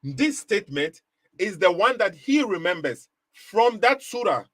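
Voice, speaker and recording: Fairly high-voiced man firing rhetorical questions. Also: big pitch swings, measured pace, fairly bright tone, no room sound. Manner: rhetorical questions, emphatic and repetitive; frequent short laughs. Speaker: livestream host. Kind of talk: live apologetics commentary.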